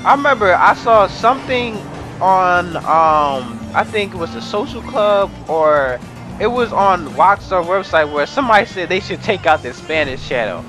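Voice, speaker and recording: High, lively young male gamer. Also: moderate pace. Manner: rambling, profane, bursts into excited yelling and laughter. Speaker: gamer narrating his gameplay. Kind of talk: casual let's-play commentary. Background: game music and sounds.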